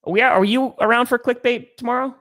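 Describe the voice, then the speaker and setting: A man's voice: very high-pitched, steady tone, fast, fairly bright tone. A man hosting a casual sports podcast, upbeat, chatting with his co-host and signing off the show. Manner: upbeat, wraps up with sign-off patter.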